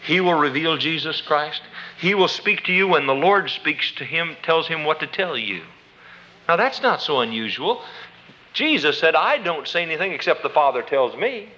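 A man's voice: fairly high pitch, lively intonation, normal speed, sharp tone. A man with a slightly raised voice delivers a sermon as a folksy personal story. He talks conversationally and acts out the back-and-forth dialogue himself. The recording is muffled and lo-fi. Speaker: preacher. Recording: dull lo-fi recording.

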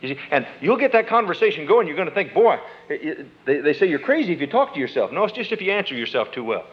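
A man's voice: a little high, sing-song, fast talker. A middle-aged man preaching a folksy sermon, quoting scripture and acting out little inner conversations. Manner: folksy, acts out inner dialogues, quotes scripture. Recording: dull lo-fi sermon tape.

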